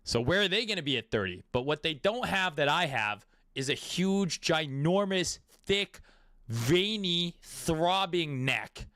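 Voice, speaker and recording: Profane guy ranting about crypto charts, kinda high voice, dead dry mic. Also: expressive, measured pace, bright, forceful tone, no echo. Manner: crude, profane, riffing. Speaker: crypto trading commentator. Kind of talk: casual market commentary.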